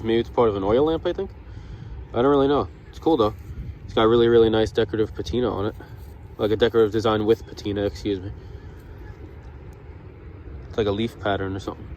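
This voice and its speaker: A man's voice: lowish voice, a little hiss or hum. Chatty man outdoors talking to viewers. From New York. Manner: chatty, keeps addressing viewers as guys, thinks aloud. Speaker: metal detecting vlogger. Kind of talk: casual chat to camera. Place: outdoors in a grassy yard.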